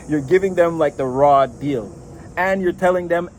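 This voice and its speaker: Male tarot reader, slightly high voice, loose chatty delivery with frequent laughs and casual cursing. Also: measured pace, slight background noise, low-quality recording.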